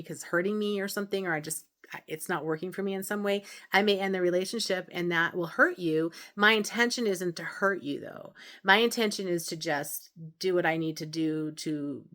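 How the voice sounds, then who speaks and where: A woman's voice: on the low side, fairly bright tone. A woman hosting a self-help video, talking casually and earnestly to camera, explaining her points with frequent restarts and asides. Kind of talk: casual advice talk to camera.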